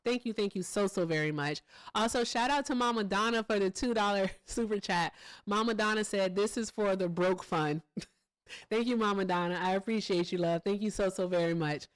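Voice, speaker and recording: A woman hosting a live stream in a loose, chatty manner, with frequent laughter and casual swearing. Her voice sits at an ordinary middle pitch. The sound is dry and close, with almost no room echo. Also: moderate pace. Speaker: livestream host. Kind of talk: casual live-stream chat, thanking donors.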